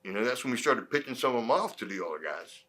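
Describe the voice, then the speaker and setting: A middle-aged former wrestler telling profane, animated stories in an interview, acting out quotes from others. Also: male voice, medium pitch, quick pace. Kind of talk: shoot interview storytelling.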